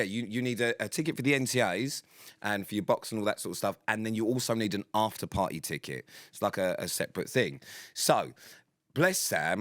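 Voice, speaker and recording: A man co-hosting a podcast who explains things in a relaxed, wry casual chat. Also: on the low side, no room sound, clean studio sound. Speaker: podcast co-host.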